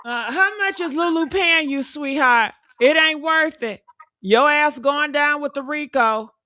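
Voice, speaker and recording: A woman's voice: high-pitched, unhurried, pushed and bright, dry recording, studio quality. A woman hosting a casual livestream chat, sassy and teasing, laughing often. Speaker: live show host.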